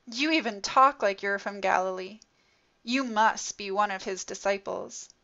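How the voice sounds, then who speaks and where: A woman's voice: medium pitch, unhurried. A woman voicing an accusing male servant. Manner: accusing, shouting. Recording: dull lo-fi recording.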